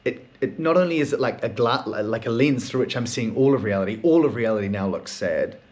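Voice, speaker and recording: Male solo podcaster, mid-range pitch, raw and melancholy, loose rambling delivery with frequent swearing. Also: animated, a little fast, darkish tone. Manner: rambling, heavy swearing, laughs through sad talk. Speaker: podcast host; therapist. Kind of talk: candid solo monologue.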